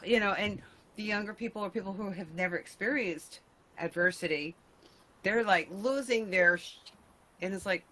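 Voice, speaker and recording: Woman, middle-aged, host, video call, casual chat, bright tone, animated. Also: medium pitch, a little slow, rough recording. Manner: animated, laughing, mock-exasperated asides.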